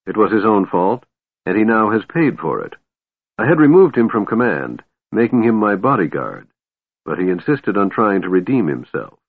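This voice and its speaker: A man voicing a cold, scheming female warlord who speaks coolly and smoothly. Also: lowish voice, very animated, normal speed, no room sound. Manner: cool, cutting, smooth. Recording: narrow phone-like sound, dry.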